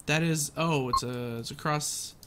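A man giving casual, excitable commentary as he plays a video game and narrates his own moves. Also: fairly high pitch, measured pace, noisy background. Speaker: gaming channel host.

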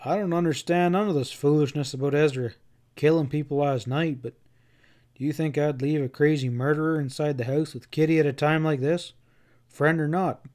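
Stubborn cowboy, read by a man, protests and pleads, folksy drawl-free talk, a bit high. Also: fairly even intonation, normal speed, a little mellow, natural voice. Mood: protesting. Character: stubborn young cowboy shielding his friend.

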